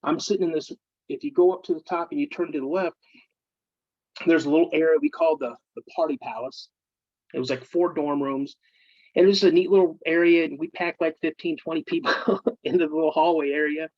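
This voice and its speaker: Veteran man, lively casual storyteller; slightly high voice, dry and muffled audio. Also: a little fast, no room sound. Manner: animated, acts out friends' voices. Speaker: guest, military veteran.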